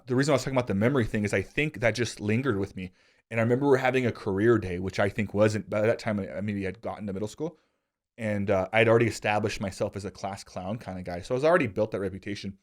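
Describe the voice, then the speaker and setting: A man in his thirties hosting a podcast, telling casual stories with self-deprecating humor. He gets animated, and his voice jumps high when he quotes himself. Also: quick pace. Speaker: podcast host. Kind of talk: casual conversational storytelling.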